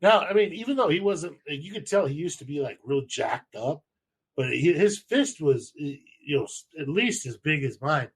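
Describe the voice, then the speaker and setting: A man's voice: on the high side, expressive, moderate pace, breathy edge. A man telling stories in a loose, rambling and profane way as host of a casual chat show. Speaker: podcast host.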